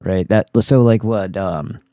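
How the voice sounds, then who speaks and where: A man's voice: deep voice, a little slow, warm tone, no room sound. A man hosting a casual livestream, talking in a goofy, profane and rambling way. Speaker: streamer host.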